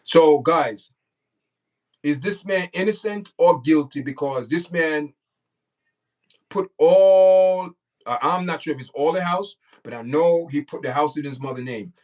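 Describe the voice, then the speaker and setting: A man's voice: on the high side, moderate pace, far from the mic, poor audio. A man hosting a casual livestream, talking straight to his chat and repeating himself. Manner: repetitive, talks straight to the chat. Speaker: livestream host.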